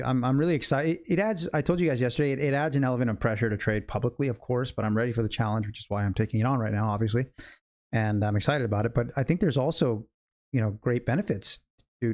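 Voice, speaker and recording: A man walks viewers through the markets as he trades live, his pitch in the middle range and his pace quick. He thinks aloud in loose, conversational sentences and often turns to address people watching in the chat, giving running trading commentary as a day trading educator and stream host.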